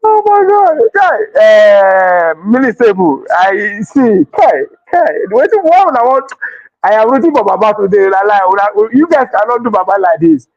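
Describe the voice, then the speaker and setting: A man with a Nigerian accent giving excitable political commentary, laughing and exclaiming often and slipping into pidgin. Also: high-pitched, moderate pace, dry recording, dull audio. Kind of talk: animated political chat.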